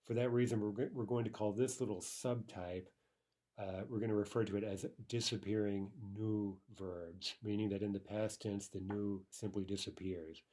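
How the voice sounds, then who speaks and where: A man teaching a recorded language lesson, explaining step by step with frequent "right?" and "okay", slowing down to sound out word forms. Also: lowish voice, steady tone, mellow. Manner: slows to spell out Russian word forms.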